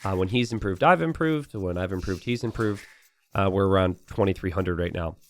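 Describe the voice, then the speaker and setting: A man's voice: deep voice, brisk, dry recording. A young adult man giving casual, chatty commentary over a strategy game replay, telling the story with plenty of "uh" fillers.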